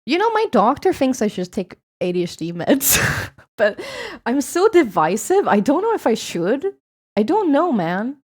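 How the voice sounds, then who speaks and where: A woman's voice: a little high, sing-song, normal speed, a little mellow. A woman from Sweden with a Swedish accent, streaming and chatting casually with viewers in a rambling, swearing style.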